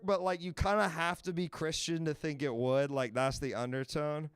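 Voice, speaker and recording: A man's voice: on the high side, normal speed, few pauses, clean tone, no room sound. A man hosting a live advice stream, chatting loosely and rambling, swearing freely as he goes. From Washington, D.C. area. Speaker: livestream advice show host. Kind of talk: casual live-stream chat.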